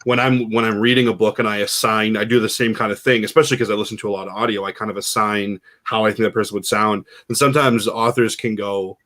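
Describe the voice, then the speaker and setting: Male co-host, slightly low, loose and rambling in casual talk. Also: fairly even intonation, fast talker, hardly any pauses, a bit bright. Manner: rambling, heavy on "you know" and "like". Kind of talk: casual panel chat.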